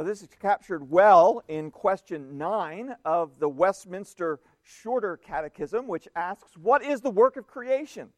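A man preaching a sermon, reading scripture aloud slowly and with emphasis. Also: high-pitched, dry recording, studio quality.

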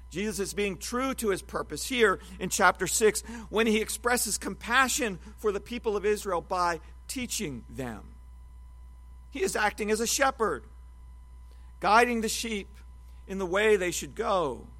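A man preaching an expository Bible sermon, teaching in a measured, emphatic way. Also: sits high, animated, pushed and bright.

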